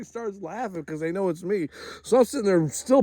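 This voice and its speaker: A man telling a funny story to camera in an animated way, dropping quiet asides between loud acted quotes. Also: high-pitched, moderate pace, no echo, clean studio sound. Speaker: storyteller host.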